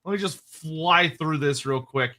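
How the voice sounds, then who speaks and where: A man's voice: on the high side, a little slow, bright, forceful tone. A man co-hosting a casual livestream, answering chat questions at length with frequent restarts and laughs. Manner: rambling, restarts, laughs often.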